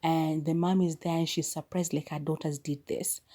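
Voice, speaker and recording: A woman hosting a podcast, telling a movie's plot in a loose, chatty way with quick side comments and self-corrections. Her voice sits low and sounds mellow and relaxed rather than bright. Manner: chatty retelling with quick asides and restarts. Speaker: podcast host. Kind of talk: casual movie recap.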